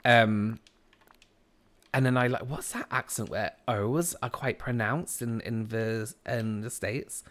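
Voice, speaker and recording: A man's voice: mid-range voice, slow, fairly bright tone. Chatty male game streamer, casual and rambling, restarts sentences a lot. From West Country, England. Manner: chatty and rambling, often breaking off mid-sentence. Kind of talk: casual chat while gaming.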